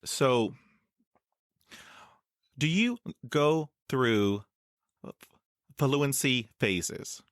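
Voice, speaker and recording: A man's voice: mid-range voice, expressive, very slow, pauses often, no room sound, clean studio sound. A man hosting an interview, who stutters now and then and often says "you know". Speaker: podcast host. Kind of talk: casual interview talk.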